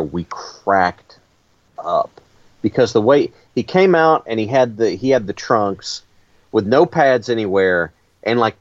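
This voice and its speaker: Animated man on a dull dry podcast. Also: mid-range voice, no room sound. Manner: animated storytelling, laughs often. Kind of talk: casual chat.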